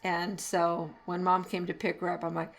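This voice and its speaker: A woman's voice: lowish voice, flat delivery, moderate pace. A middle-aged woman and former teacher hosting a parenting podcast, telling family stories in a chatty way and laughing often. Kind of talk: casual podcast monologue.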